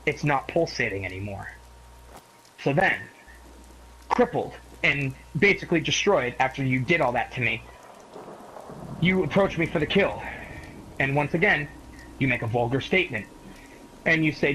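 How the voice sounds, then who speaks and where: A young man casually telling a long story to a friend in a rambling, profane, animated way. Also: mid-range voice, normal speed, pauses often, slight background noise, poor audio.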